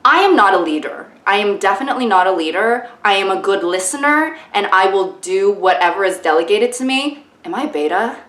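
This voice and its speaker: A young woman talks to her phone camera in a loose, self-mocking vlog ramble. Her voice sits at a middling pitch and bounces around a fairly echoey room. She fills her sentences with "like" as she thinks out loud. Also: lively intonation, brisk, few pauses. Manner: chatty, self-mocking, lots of "like". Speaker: vlogger. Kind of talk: casual vlog chat to camera.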